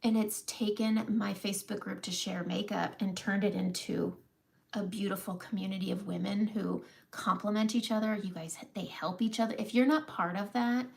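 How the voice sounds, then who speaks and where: A woman's voice: medium pitch, steady tone, normal speed, gravelly. A woman in her thirties talking candidly on her live makeup vlog, emotional and close to tears, laughing through it. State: close to crying. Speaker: makeup seller and vlogger.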